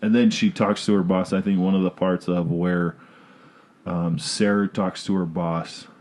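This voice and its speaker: A man's voice: low voice, little pitch movement, unhurried, darkish tone. A man hosting a casual movie chat, loose and rambling with many ums.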